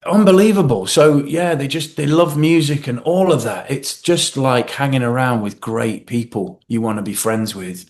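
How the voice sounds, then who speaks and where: A man chatting as an interview guest, his speaking pitch in the ordinary middle range. He tells stories with lively energy, slipping into other people's voices and swearing freely as he quotes them. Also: moderate pace, hardly any pauses. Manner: animated storyteller, acts out quotes with swearing. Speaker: guest actor. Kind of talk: casual interview chat.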